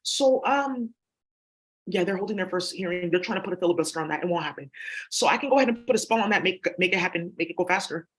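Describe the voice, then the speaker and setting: A man's voice: high-pitched, lively intonation, fast, a bit bright, low-quality recording. Rambling, profane man. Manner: profane, scattered, conspiratorial. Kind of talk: rambling casual monologue.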